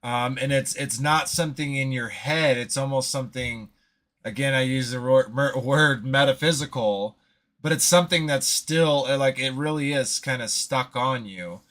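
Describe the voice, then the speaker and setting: Bright-voiced male host searching for words. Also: medium pitch. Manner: halting, searches for words with many restarts. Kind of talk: casual faith discussion.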